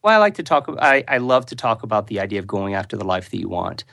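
A man's voice: fairly low pitch, big pitch swings, fast, creaky, fairly bright tone, no room sound. A man speaking as a podcast guest, earnest and open about what he loves to discuss. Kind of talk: conversational interview.

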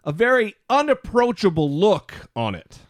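A podcast co-host teases and jokes through relaxed, casual chat, with a lively, swinging delivery in a slightly high voice at a moderate pace. The sound is close and dry, with no room or echo around it.

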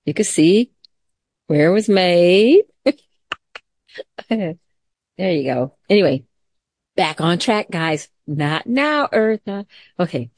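Slow, calm woman teaching children. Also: fairly low pitch, no echo, studio quality. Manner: calm, gentle, talks straight to children. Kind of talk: children's mindfulness lesson with story time.

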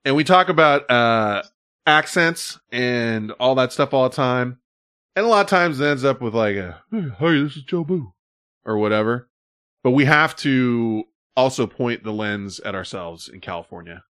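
Male host, animated and chatty; a mid-range voice that acts out quotes in its stories. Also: mid-range voice, normal speed, clear, resonant tone. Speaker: podcast host. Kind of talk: casual chat.

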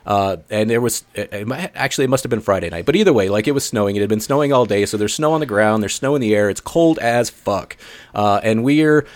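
Male podcast co-host, animated casual storyteller, dry close mic. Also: fairly low pitch, quick pace, no echo. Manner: animated storyteller, swearing, many fillers.

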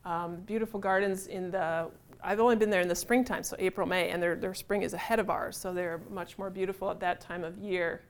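A middle-aged woman author, giving a chatty, animated talk to a live audience in a room. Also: on the low side, a little fast. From United States. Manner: chatty, animated, self-deprecating humor.

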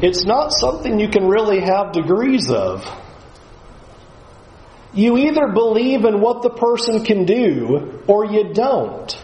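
A man's voice: high-pitched, very animated, takes it slowly, darkish tone, reverberant, slight background noise, low-quality recording. A man giving a Bible lesson in an emphatic way, often acting out the voices he quotes. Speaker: Bible teacher.

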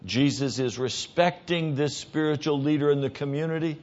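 Male pastor, sermon delivery, emphatic, hushed to loud; muffled low-fidelity recording. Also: normal speed.

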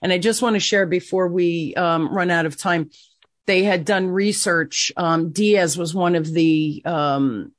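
Lower-voiced chatty woman host. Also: dry recording, clean studio sound. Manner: chatty, enthusiastic, many restarts. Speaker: podcast host. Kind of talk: casual interview chat.

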